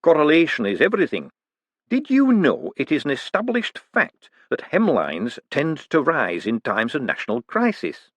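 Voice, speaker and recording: A man voicing an eager, fussy little male economist who explains things earnestly and excitably. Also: on the high side, normal speed, no echo, voice pushed up, heavily acted.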